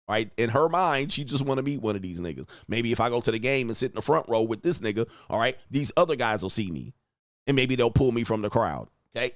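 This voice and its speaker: A man's voice: medium pitch, no room sound, clean studio sound. A man hosting a show, giving crude, mocking commentary on relationship clips and acting out the voices of the people he quotes. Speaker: host reacting to video clips.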